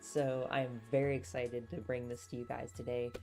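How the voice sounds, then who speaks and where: A woman's voice: extremely low pitch, level tone, normal speed, over music. A young woman streaming as she reads a novel aloud and chats with viewers in a rambling, easygoing way. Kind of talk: casual live stream chat and book reading.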